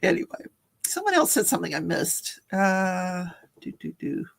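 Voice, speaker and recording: A woman's voice: on the low side, big pitch swings, moderate pace, creaky. A chatty, giggly woman hosting a casual livestream, reading out viewer comments and reacting to them. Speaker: livestream host. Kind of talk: casual live-stream chat.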